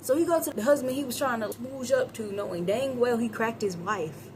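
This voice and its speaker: Animated woman reviewing a movie. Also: on the high side, background noise. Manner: animated, acts out characters' lines in quick voices; chatty, addresses viewers as y'all. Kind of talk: casual movie review vlog.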